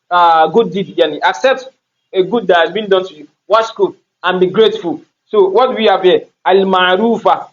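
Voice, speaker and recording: A man's voice: sits high, muffled recording. A man teaching an Arabic grammar class, explaining step by step, repeating himself and asking rhetorical questions.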